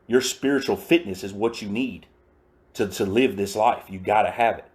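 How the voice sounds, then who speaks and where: A man's voice: on the low side, normal speed, darkish tone. A man giving a personal recovery testimony in a casual, slangy, emphatic storytelling way. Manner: emphatic and repetitive.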